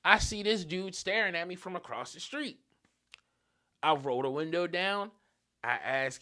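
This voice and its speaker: A young man hosting a podcast, telling a story in an animated, profane, casual rant. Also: sits high, a little slow, pauses often. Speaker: podcast host.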